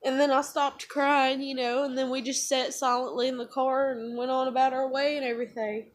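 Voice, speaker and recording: A woman's voice: sits high, flat delivery, a little fast. A woman, talking emotionally and rambling with lots of fillers in a confessional vlog. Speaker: vlogger.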